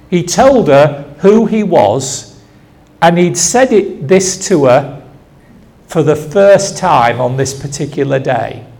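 Older male preacher, high and animated, storytelling sermon with rhetorical questions. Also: creaky.

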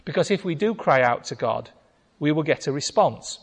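A man preaching a sermon, telling a Bible story with lively acted-out voices. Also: on the high side, normal speed. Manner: animated storytelling, acting out voices. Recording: long reverb of a hall.

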